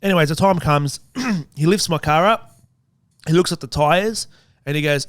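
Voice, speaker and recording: Animated Australian man telling a story. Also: a little high, measured pace, no room sound, clean studio sound. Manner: animated, acts out voices in his stories. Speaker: podcast co-host. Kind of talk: casual storytelling chat. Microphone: studio microphone.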